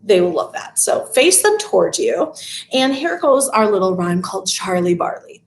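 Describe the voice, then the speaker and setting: A woman music teacher leading a live parent-child class, chanting nursery rhymes slowly in a sing-song way with rising inflection. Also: medium pitch, lively intonation. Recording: echoey room.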